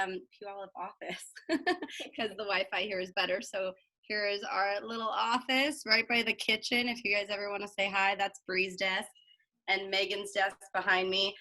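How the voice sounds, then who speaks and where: A woman speaking on a video call from a small office, friendly and quick to laugh. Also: medium pitch, fairly even intonation, bright, forceful tone. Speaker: real estate panelist. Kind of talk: casual video call chat.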